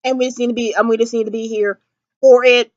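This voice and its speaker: A woman's voice: on the high side, steady tone, fast talker, dry recording, dull audio. A young woman vlogging a fan review of a TV episode, gushing and dramatic, full of "like" and fillers. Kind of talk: excited fan review chat. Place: indoors at home.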